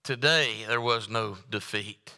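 Male pastor, fervent repetitive sermon delivery, bright resonant tone, church hall reverb. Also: fairly low pitch, takes it slowly. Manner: preaching with rising fervor and repetition. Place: church sanctuary.

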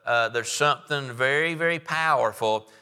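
Bright-voiced preacher in a reverberant hall. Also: male voice, mid-range voice, clear, resonant tone. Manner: measured preaching with frequent "uh" fillers, reading scripture aloud. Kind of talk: sermon.

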